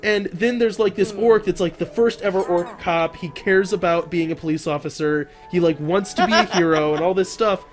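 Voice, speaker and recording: A man hosting a casual podcast chat, animated and rambling with lots of fillers. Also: high-pitched, moderate pace, few pauses, soft background music. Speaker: podcast host.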